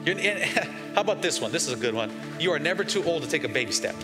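A man's voice: a little high, expressive, fast. A man in his forties, a pastor preaching to his congregation with emphatic call-and-response. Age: 40s. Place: large church sanctuary. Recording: long hall reverb, faint music underneath.

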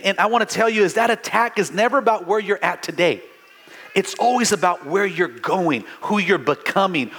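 Man, middle-aged pastor, church sermon, fervent call-and-response, high voice, bright and forceful tone. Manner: fervent, call-and-response preaching with many restarts.

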